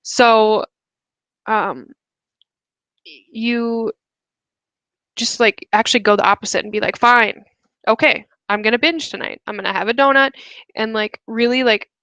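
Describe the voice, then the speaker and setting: A woman's voice: on the high side, fairly even intonation, a little slow, long pauses, fairly bright tone, no echo, low-quality recording. A young woman hosting a webinar, talking casually to viewers and filling her speech with "like" and "um". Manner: chatty, many fillers like "like". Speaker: webinar host. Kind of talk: casual coaching talk.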